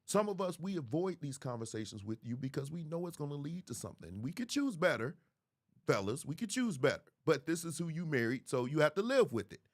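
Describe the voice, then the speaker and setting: A man. His delivery is emphatic and preachy, with a fairly high voice that swings up and down a lot as he drives home his points. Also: sing-song, a little fast. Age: 40s. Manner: preachy, emphatic, repeats phrases. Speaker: host. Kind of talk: livestream commentary.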